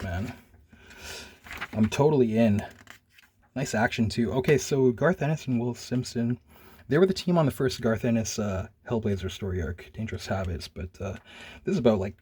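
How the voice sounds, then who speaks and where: A man's voice: mid-range voice, darkish tone, husky. A young man casually reviewing a comic, rambling in a laid-back way with lots of "like" and "man".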